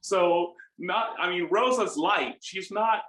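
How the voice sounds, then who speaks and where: A middle-aged American man, an opera baritone, telling animated stories with self-deprecating humor in a conversational interview. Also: slow pace. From United States. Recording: roomy room echo.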